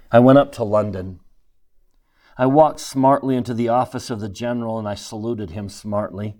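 An older man from Canada, a church leader, tells a personal story in a sermon with an earnest, measured delivery and deliberate pauses. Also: mid-range voice, darkish tone.

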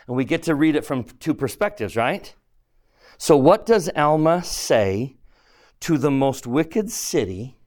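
A man's voice: mid-range voice, a little mellow. A man teaching a scripture class, earnest and pleading, often asking the students questions. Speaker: religion teacher.

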